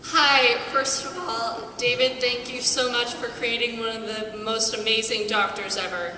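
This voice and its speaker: A woman's voice: fairly high pitch, steady tone, a little slow. A woman in the audience asking a question at a fan panel, polite and a little hesitant. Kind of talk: questions from the floor. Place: large convention hall with an audience. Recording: echoey hall, distant mic, crowd noise.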